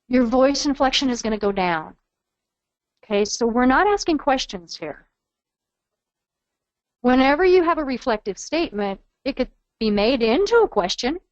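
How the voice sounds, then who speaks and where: A woman's voice: a little high, dry recording. Woman coaching over dull webinar audio. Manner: earnest, coaching, models phrases aloud. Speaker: trainer. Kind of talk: webinar training lecture.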